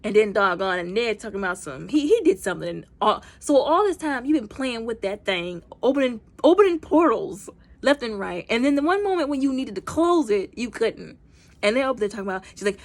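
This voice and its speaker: Chatty woman reviewer, expressive, acts out scenes as she recaps. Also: fairly high pitch, brisk. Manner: animated, acts out movie characters in quotes; heavy use of fillers like "like" and "you know". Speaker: movie reviewer.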